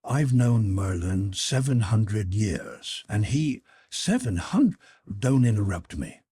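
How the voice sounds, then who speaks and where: A man's voice: fairly low pitch, big pitch swings, slow pace, warm tone, husky, no room sound, clean studio sound, full character voice. A man voicing a brash, scoffing grown man who blusters and mocks, in an audiobook reading. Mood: boastful. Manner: blustering, mocking.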